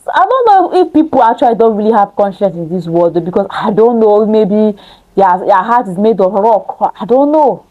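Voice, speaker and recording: A woman's voice: mid-range voice, expressive, normal speed, dull audio. A woman reading scripture aloud and breaking off into emphatic preaching, with rhetorical questions to her listeners. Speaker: Bible study teacher.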